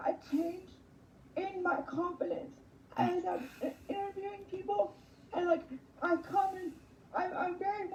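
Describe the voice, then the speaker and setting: A woman guest on a radio interview, speaking slowly and haltingly, repeating words as she goes. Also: very high voice, dark tone, roomy sound, muffled recording, a little hiss or hum. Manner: halting, repeating words, slow effortful speech. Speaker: podcast host as guest. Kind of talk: casual interview answers.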